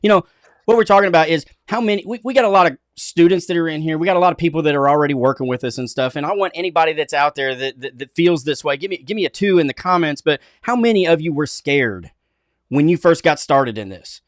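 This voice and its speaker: A man co-hosting a live online business show, giving an earnest, repetitive motivational pitch to viewers. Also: lively intonation, quick pace, dry recording, studio quality. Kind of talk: motivational livestream talk.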